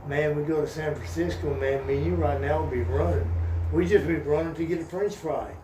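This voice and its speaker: A man's voice: fairly high pitch, brisk, distant mic. An older man from Oklahoma in casual, profane, rambling chat. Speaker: stream host. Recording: echoey room, voice from off mic, faint noise.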